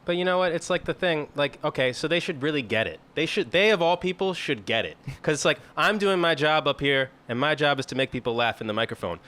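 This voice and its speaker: A man's voice: fairly high pitch, expressive, fast, few pauses, bright, forceful tone. A man chatting casually on a comedy podcast, blunt and profane, rambling with lots of filler words.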